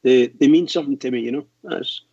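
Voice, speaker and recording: A man's voice: mid-range voice, quick pace, mellow, breathy edge, no echo. A man co-hosting a fan radio show, hesitant, stumbling and repeating his words. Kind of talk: casual fan radio chat. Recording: dry, dull lo-fi line.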